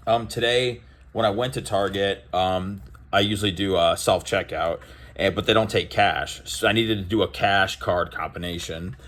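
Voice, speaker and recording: A young man chatting casually to camera about opening sports cards, rambling and storytelling with lots of fillers and restarts, livening up when he retells conversations. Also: sits low. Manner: animated when retelling exchanges. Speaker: card collecting vlogger.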